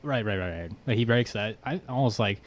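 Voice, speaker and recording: Lower-voiced man chiming in with details. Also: expressive. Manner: chimes in with quick corrections and details. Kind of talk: casual chat.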